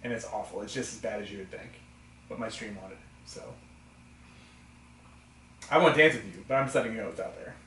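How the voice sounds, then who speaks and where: A woman's voice: very deep voice, a little fast, pauses often, a bit bright, echoey room, distant mic, rough recording. A woman interviewing a friend in a teasing, joking way. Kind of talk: casual interview chat.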